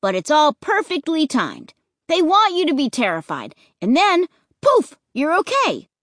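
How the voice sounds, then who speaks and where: A woman reading an audiobook, voicing an excited, reckless boy who talks high and loud. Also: moderate pace, no room sound, clean studio sound, lightly acted. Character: excited reckless boy, thrill-seeking and gleeful.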